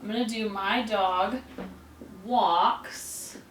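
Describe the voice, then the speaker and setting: A woman's voice: mid-range voice, fairly even intonation, extremely slow, a bit bright, slight background noise. A woman teacher giving a casual grammar lesson, chatty and playful, with asides to her students. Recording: echoey room.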